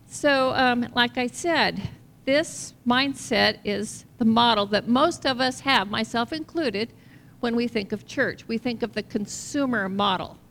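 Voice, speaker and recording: In a church sanctuary, a woman pastor delivers a conversational sermon, putting questions to her congregation as she goes. Her voice is on the high side and fairly bright, with a measured pace. The reverberant hall carries faint noise, and the level drops partway through.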